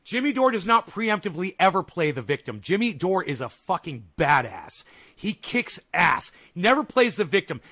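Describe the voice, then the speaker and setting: A man reacting to a video in casual commentary, sarcastic and swinging into loud rants. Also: high voice.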